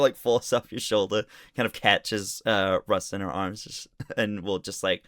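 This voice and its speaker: A man's voice: on the low side, steady tone, normal speed, hardly any pauses, fairly bright tone, no echo, studio quality. A man narrating as game master of a tabletop game, loose and full of fillers.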